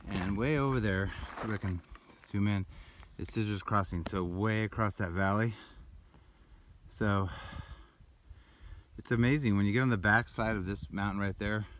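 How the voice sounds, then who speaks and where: A man's voice: on the low side, moderate pace. A man narrating his hike in a casual trail vlog, rambling as he walks and points out the route, outdoors on a mountain trail, recorded on a handheld camera. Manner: rambling, breathy while climbing, pointing out the route. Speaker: hiker vlogger. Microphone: handheld camera while walking.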